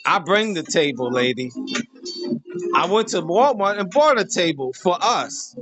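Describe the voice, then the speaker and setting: A man rants crudely for laughs, and his pitch leaps all over the place, from high outbursts down to a low, slow drawl. He talks in an unhurried way and chuckles at his own jokes. Clear music plays behind him. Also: very animated. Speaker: host. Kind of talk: comedic rant to camera.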